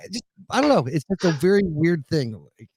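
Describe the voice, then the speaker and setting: A man's voice: a little high, big pitch swings, fairly quick, background noise. A man co-hosting a podcast, rambling loosely and swearing often in casual chat. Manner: rambling, profane, laughing. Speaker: podcast co-host.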